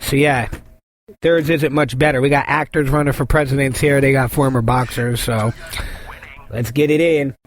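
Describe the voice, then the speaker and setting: A man's voice: mid-range voice, fairly even intonation, moderate pace, a little hiss or hum. A man hosting a podcast, reading news headlines aloud and adding profane, joking asides, stumbling over hard names. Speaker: podcast host. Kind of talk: reading headlines with casual commentary.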